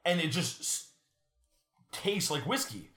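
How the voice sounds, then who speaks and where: A young man co-hosting a podcast, chatting casually and telling stories in an animated, joking way. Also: on the high side, slow. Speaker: podcast co-host. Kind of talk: casual chat. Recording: roomy echo.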